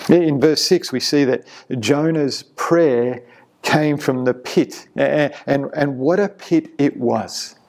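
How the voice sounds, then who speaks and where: A man's voice: fairly high pitch, takes it slowly, a little mellow. A man preaching an earnest, emphatic sermon as pastor, often repeating a word as he builds a point.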